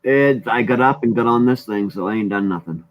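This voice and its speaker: A man's voice: mid-range voice, fairly quick. A man hosting a casual chat stream, laid-back and talking plainly. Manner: laid-back, brief replies. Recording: dull lo-fi online call audio.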